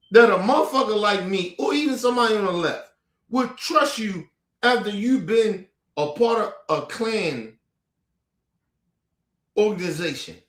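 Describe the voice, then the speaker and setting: A man's voice: high voice, reverberant. A man hosting a commentary show, ranting angrily and profanely at clips with mocking rhetorical questions. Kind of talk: profane angry reaction rant.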